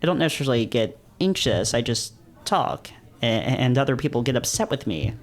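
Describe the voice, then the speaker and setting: A man's voice: medium pitch, big pitch swings. A man doing a shaky, stammering young rich guy. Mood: anxious. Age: young adult. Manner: stammering, halting, on the verge of tears.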